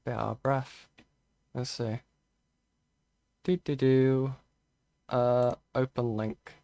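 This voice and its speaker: A man's voice: mid-range voice, level tone, takes it slowly, vocal fry, pauses often, warm tone, no room sound. A man giving casual live-stream commentary, thinking aloud with restarts, frequent okays and the odd curse, close to his mic. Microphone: close desk mic.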